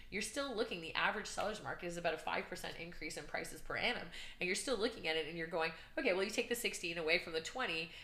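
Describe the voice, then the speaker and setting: Energetic female real estate coach on a podcast; crisp bright voice, roomy recording. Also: lowish voice. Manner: energetic, chatty, animated storytelling. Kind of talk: casual podcast chat. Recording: roomy echo.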